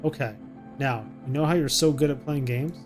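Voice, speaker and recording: A man voicing a frightened young mother who talks to her little son in a hushed, soothing way, reading game dialogue aloud. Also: mid-range voice, normal speed, faint music behind, lightly acted. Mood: hushed, coaxing. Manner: hushed and soothing, coaxing a child.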